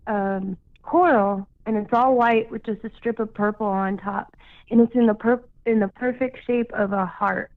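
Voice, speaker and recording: A woman's voice: a little high, no room sound. A woman calling in to a radio show, telling a story casually, with lots of "like" and "you know". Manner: chatty, full of "like" and "you know". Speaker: caller. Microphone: phone. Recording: tinny phone line.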